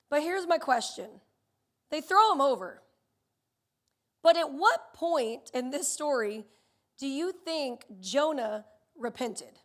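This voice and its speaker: A woman in her thirties preaching a sermon, telling stories in an animated way and acting out the voices of the people in them. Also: high voice. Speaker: pastor.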